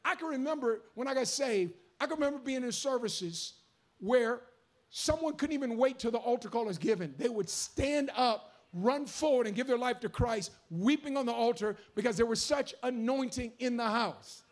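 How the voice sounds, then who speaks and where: Male preacher, high-pitched, fervent, sermon delivery that swings from hushed to shouting. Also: animated, normal speed.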